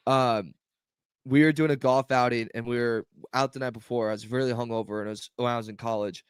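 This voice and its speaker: A man co-hosting a podcast, telling a story in casual chat and shouting out the lines he quotes. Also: mid-range voice, a little fast, smooth, no echo, clean studio sound. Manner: animated storyteller, shouts when quoting others. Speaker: podcast co-host.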